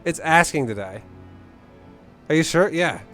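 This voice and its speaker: A man's voice: on the high side, animated, a little slow, a bit bright, faint music behind. Blunt, profane young man coaching. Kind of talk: casual game coaching commentary.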